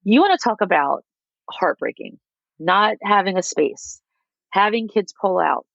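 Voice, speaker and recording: A woman's voice: mid-range voice, measured pace, gravelly, no echo, dull audio. A woman founder telling stories in a casual interview, animatedly acting out what other people said. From United States. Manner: animated, acts out quotes of others. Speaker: micro school founder, guest.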